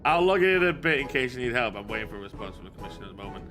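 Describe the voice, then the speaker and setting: A man's voice: mid-range voice, very animated, rapid-fire, music in the background. A man live-streaming a game, joking and rambling as he plays. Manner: jokey, rambling, self-correcting. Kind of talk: casual live-stream gaming commentary.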